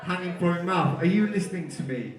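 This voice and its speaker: A man's voice: high voice, lively intonation, a little fast. A man addressing a crowd casually, rambling with fillers and restarts. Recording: echoey live room with music behind.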